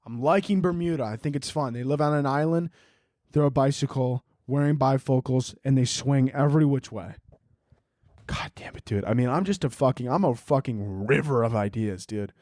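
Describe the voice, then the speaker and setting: Hosting a solo podcast from home late at night, a young man rambles, swears a lot and riffs goofily. His mid-range voice is brisk and a little mellow, and the sound is a dry, clean studio recording.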